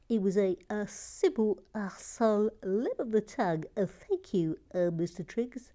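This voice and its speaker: Woman chatting away while building lego, playful mock outrage, dips to whispers, mid-pitched. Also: lively intonation, measured pace, hardly any pauses, dark tone. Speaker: host building a LEGO set. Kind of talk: casual live chat while building.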